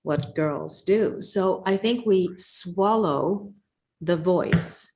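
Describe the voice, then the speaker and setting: Low-voiced woman host, attentive. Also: very slow, a little mellow. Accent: Swedish. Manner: attentive listener, frequent murmured agreement. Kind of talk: interview conversation.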